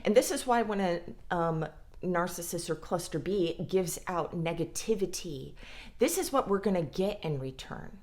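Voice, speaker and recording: A woman's voice: fairly low pitch, animated, normal speed, darkish tone. A woman vlogger talking casually about mental health in a blunt, frank way, swearing freely. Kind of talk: casual talk to camera.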